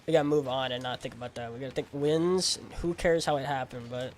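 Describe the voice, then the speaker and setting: A man streaming a game and chatting casually in a rambling, animated, slangy way. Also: mid-range voice, quick pace, slight background noise. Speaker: gaming streamer.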